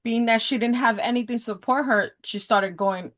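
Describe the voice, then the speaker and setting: Bright-voiced woman telling an animated story. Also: on the high side, normal speed. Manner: animated, acts out quoted dialogue, talks with her hands. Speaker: podcast guest. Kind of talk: casual storytelling chat.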